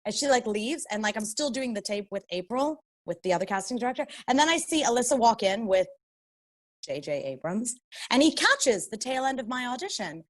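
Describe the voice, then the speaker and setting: A woman in her thirties from Canada, a guest actor telling a story in a casual interview and acting out quotes with big jumps in pitch. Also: sing-song, brisk.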